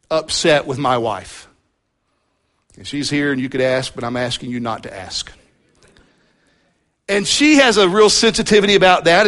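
A man preaching a sermon to his congregation, earnest and drawing out key words with slow emphasis. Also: a little high, a bit bright. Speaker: pastor. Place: church service with congregation present.

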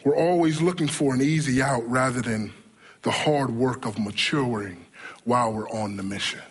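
A man preaching a sermon as a pastor, animated, acting out the whining voices of his congregation. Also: mid-range voice, normal speed, slightly rough. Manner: animated, acts out imagined voices of churchgoers.

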